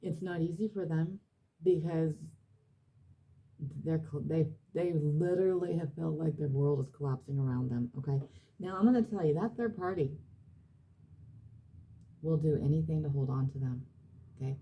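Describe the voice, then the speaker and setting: A woman's voice: sits low, moderate pace, pauses often, mellow. A woman reading tarot cards for her audience, emphatic and blunt, repeating herself and swearing now and then. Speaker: tarot reader.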